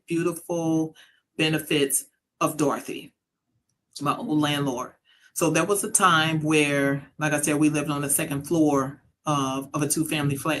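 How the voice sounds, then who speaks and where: Her voice sits low, and a faint hiss or hum runs under the recording. A middle-aged mother, she tells her own story in a relaxed conversation, earnest and reflective, performing the voices of people she quotes.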